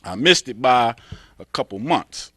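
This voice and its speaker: Bright-voiced, animated male talk show host. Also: medium pitch, unhurried. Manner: animated, slangy storyteller who acts out scenes. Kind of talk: casual studio chat. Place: TV station studio.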